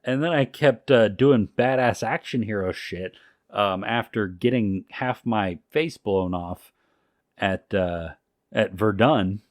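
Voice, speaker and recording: A man's voice: fairly low pitch, slow pace, no echo, clean studio sound. A man voicing a proud male war hero turned elevator operator who tells his exploits in a casual, offhand way.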